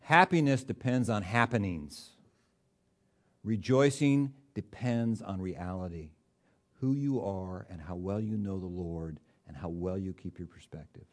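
A man's voice: deep voice, unhurried. A man preaching a sermon in a conversational, folksy way, with touches of humor and rising bursts of emphasis.

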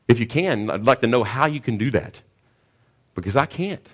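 A man's voice: fairly low pitch, expressive, moderate pace. A male pastor preaching a sermon on a scripture passage, earnest, often stumbling and repeating words before pushing to emphatic questions.

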